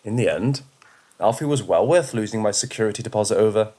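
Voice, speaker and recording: A man reading first-person horror stories aloud in a steady, measured way. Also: on the low side. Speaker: horror story narrator. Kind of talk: scripted first-person narration.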